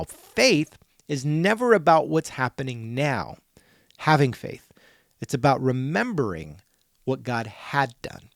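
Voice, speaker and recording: A man hosting a podcast, talking through a Bible passage in a relaxed, conversational way, often repeating words and saying "like". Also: mid-range voice, vocal fry, no room sound, studio quality. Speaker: podcast host teaching on scripture.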